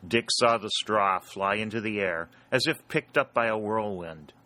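Low, bright-toned male narrator. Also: unhurried. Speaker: audiobook narrator. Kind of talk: scripted narration.

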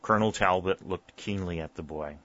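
A man reading a historical novel aloud in a steady, measured narration. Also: low voice, no room sound, muffled recording. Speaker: audiobook narrator. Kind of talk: scripted narration.

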